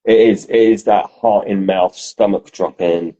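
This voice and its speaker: A man co-hosting a podcast, telling stories in a casual, animated way and swearing freely. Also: fairly low pitch, a little slow, rough recording. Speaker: podcast co-host. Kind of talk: casual chat.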